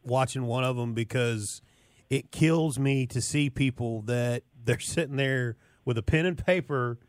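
A man's voice: mid-range voice, a little slow, no echo, studio quality. Folksy male radio co-host. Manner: folksy, chatty, laughs along. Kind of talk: casual radio chat.

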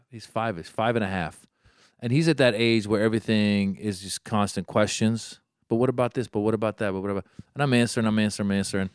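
A man from Iran, a doctor, telling a long story in casual chat, rambling, repeating himself and jumping high when he acts out his own thoughts. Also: smooth, no room sound, clean studio sound.

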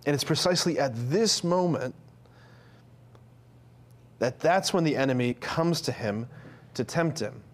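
A man's voice: a little high, unhurried, pauses often. A man giving an earnest, conversational sermon to men, with frequent fillers and restarts.

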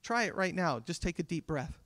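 A man delivering a sermon as a pastor, talking conversationally with dramatic pauses. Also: fairly high pitch, lively intonation, a bit bright, no echo. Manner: conversational preaching with dramatic pauses and acted quotes.

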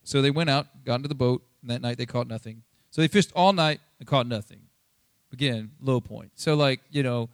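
A man's voice: mid-range voice, brisk, no room sound, clean studio sound. Chatty man preaching a casual sermon. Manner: chatty, animated, acts out Bible quotes, many fillers. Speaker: pastor.

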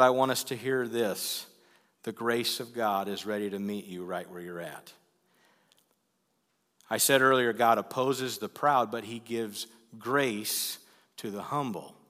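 A male pastor delivers an earnest, pleading sermon in a bright, clear voice at mid pitch. His words ring out with a long reverb through a church sanctuary. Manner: earnest, pleading, builds to loud emphasis.

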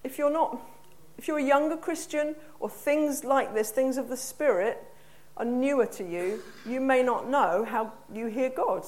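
An English woman with a fairly high voice preaches to a congregation. She talks in a conversational, earnest way and keeps asking the room questions. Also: measured pace, darkish tone. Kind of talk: sermon. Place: church hall.

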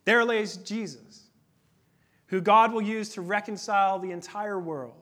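A man in his thirties preaching a sermon in a conversational, earnest way, dropping to a hush at times. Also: high-pitched, fairly even intonation. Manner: conversational, earnest, with dramatic pauses and hushed moments. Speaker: pastor.

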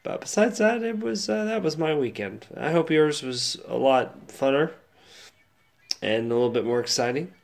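Male podcast host, gravelly, rambling casual monologue, subdued and low-key. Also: lively intonation, normal speed, soft background music. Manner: rambling, laid-back with many fillers and restarts. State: sad, subdued.

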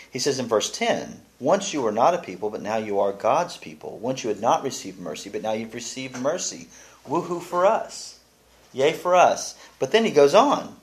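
Lively man teaching scripture. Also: lowish voice. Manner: animated, restarts often, reads scripture aloud. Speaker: Bible study teacher. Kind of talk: casual Bible study teaching.

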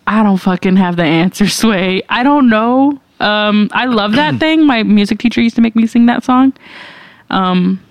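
A woman's voice: medium pitch, lively intonation, normal speed, no room sound. A young woman co-hosting a podcast, reading listener questions aloud and answering them in a candid, laughing, profane way. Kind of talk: casual podcast chat.

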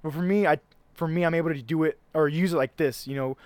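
A man with a slightly raised pitch talks emphatically in casual conversation, stumbling over restarts and dropping a curse here and there. His voice sits close and dry, with no room around it. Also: fast talker, a little mellow, no echo. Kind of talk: casual chat.

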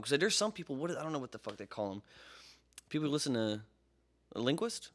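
A man's voice: a little high, lively intonation, quick pace, a bit bright. Young man rambling on a podcast. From Jacksonville, Florida. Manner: profane, rambling storyteller. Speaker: podcast co-host. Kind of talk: casual podcast chat.

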